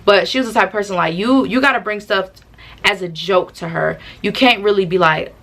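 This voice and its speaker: Slangy, animated woman telling a story. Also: medium pitch, brisk. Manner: animated, slangy, acts out quotes. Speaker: storytime vlogger. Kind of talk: casual storytelling to camera.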